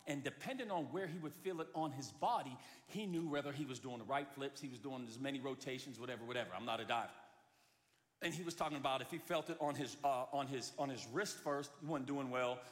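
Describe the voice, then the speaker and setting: A man preaching a sermon as pastor, telling a story and acting out the voices, swinging from loud to hushed. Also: medium pitch, fast talker. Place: church sanctuary. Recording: long hall reverb with faint music.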